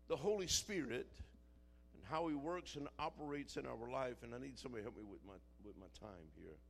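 A man preaching a sermon, moving from quiet storytelling to shouted, dramatic passages. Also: a little high, creaky.

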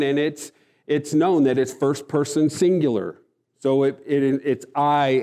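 A man's voice: mid-range voice, mellow. A man preaching a sermon, earnest and emphatic, often restarting his phrases. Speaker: pastor.

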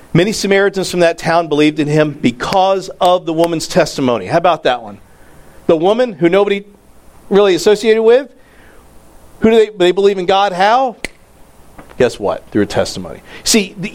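Animated preaching man, slightly high voice. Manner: animated storytelling, voice jumping high and dropping low; conversational, acting out quotes. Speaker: pastor. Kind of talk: sermon.

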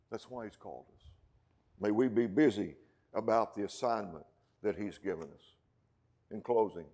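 A pastor with a West Texas accent preaches a sermon, sinking into hushed, low lines and then rising to loud, slowed peaks of emphasis.

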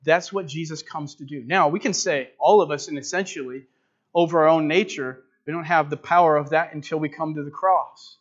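A man's voice: fairly high pitch, steady tone, brisk, muffled recording. A man preaching a sermon, earnest and direct, building to emphatic repeated phrases. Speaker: pastor.

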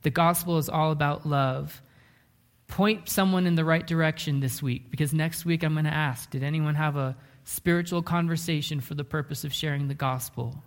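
A man's voice: fairly high pitch, steady tone. Earnest male preacher telling a story. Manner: earnest, often slows down and drops to a hush for emphasis. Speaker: pastor. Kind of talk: sermon storytelling.

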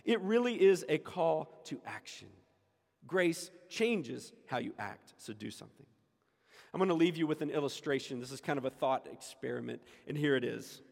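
A man's voice: on the high side, animated, moderate pace, creaky. A man preaching a sermon as pastor, emphatic and repeating his key lines for the congregation. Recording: echoey hall with long reverb.

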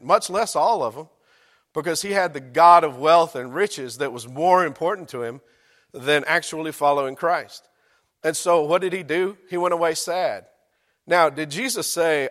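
A man's voice: fairly high pitch, fairly bright tone. A man, a pastor preaching a sermon in a church, conversational and joking with his congregation. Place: church sanctuary. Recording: long reverb of a church hall.

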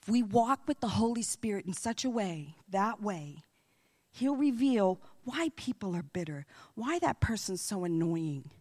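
A woman preaching a sermon as a missionary speaker, telling stories with animation and dropping into hushed whispers. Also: mid-range voice, very animated, a little slow.

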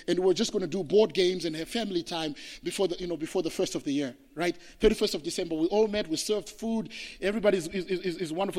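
A man from Zimbabwe, preaching a sermon as pastor, telling stories emphatically and swinging from hushed to loud. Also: high voice. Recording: long hall reverb.

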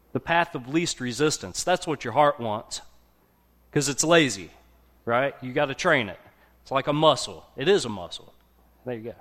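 A man giving a casual, conversational sermon to a congregation, often pausing to check in with his listeners. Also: on the high side, a bit bright. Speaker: preacher.

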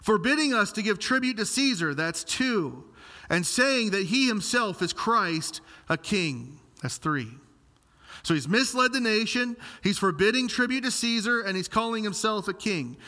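A man preaches in a lively, explanatory style, reading and unpacking scripture for his congregation. His voice is bright and forceful, sitting a little high for a man. The sound rings with the long reverb of a large hall. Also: a little slow. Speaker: pastor. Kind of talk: expository sermon.

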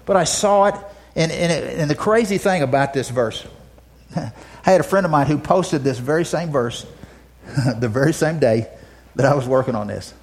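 A male pastor delivers a sermon, swinging between loud, emphatic declarations and soft, hushed asides, often repeating words as he restarts phrases. His voice is a little high and his pace moderate.

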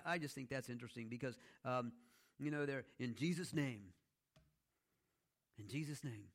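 Man preaching a chatty, animated sermon. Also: mid-range voice. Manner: conversational teaching with frequent "okay?" check-ins; animated storytelling with playful asides. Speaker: pastor.

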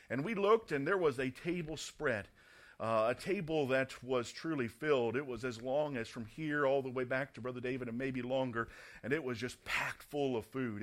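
A middle-aged male pastor delivers a sermon in a mid-pitched voice. He tells an anecdote with humour and leans on words for emphasis. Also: fairly bright tone. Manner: storytelling, humorous, emphatic.

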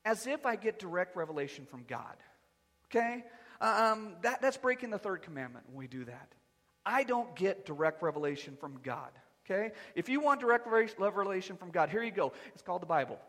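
A man preaching a sermon as pastor, animated and conversational with touches of humor. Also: high-pitched, brisk, in a large hall. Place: church sanctuary.

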